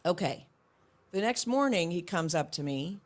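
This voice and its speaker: A woman's voice: on the low side, lively intonation, normal speed. A middle-aged woman, a guest in an interview, speaking earnestly and reflectively about parenting, often restarting her sentences. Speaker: guest, homeschooling mother. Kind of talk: casual interview chat.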